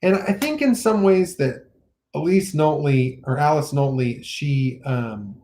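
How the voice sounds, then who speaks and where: A man hosting a casual poetry podcast, retelling a poem in a rambling, animated way full of fillers. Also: on the high side, a little slow. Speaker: podcast host.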